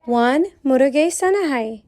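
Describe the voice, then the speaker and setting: A woman saying short phrases slowly and clearly for young learners to repeat. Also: high voice, lively intonation, dark tone, no room sound, clean studio sound.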